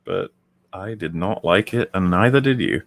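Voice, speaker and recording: A British man talking as a guest on a live stream, relaxed and easygoing. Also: sits low, normal speed, creaky. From Britain. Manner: relaxed and easygoing, laughs often. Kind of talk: casual live-stream chat.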